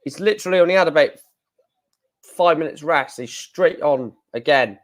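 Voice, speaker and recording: A man's voice: fairly high pitch, normal speed. Casual male streamer, rambling and self-correcting. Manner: chatty, thinking aloud, self-correcting. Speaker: live stream host. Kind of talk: casual live-stream commentary.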